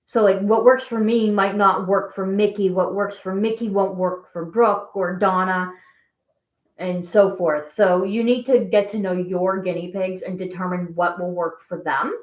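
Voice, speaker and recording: A woman's voice: medium pitch, steady tone, measured pace. A woman hosting a casual live stream, chatting and rambling as she answers viewer questions. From Canada. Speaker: guinea pig channel host. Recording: echoey room.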